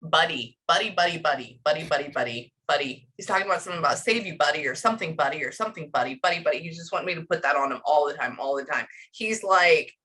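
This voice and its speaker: A woman leads a medium reading in a loose, rambling flow full of fillers and emotion. Her voice sits a little low but sounds bright and forward, with a husky edge. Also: lively intonation, racing, hardly any pauses, low-quality recording. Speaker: psychic medium. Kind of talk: reading session with clients.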